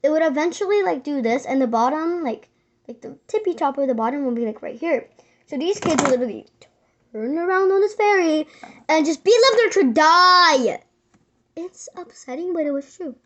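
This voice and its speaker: A woman's voice: sits high, animated, moderate pace, a bit bright. A woman vlogger retelling a sad event in casual chat, rambling with many fillers and restarts and sometimes dropping to a whisper. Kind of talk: casual storytelling.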